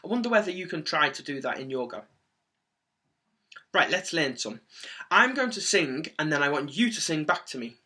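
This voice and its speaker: Guy running a kids singing class, slightly high voice, super clear and encouraging. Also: moderate pace, pauses often. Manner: encouraging, clear and energetic delivery. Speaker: music teacher. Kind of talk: singing lesson for children.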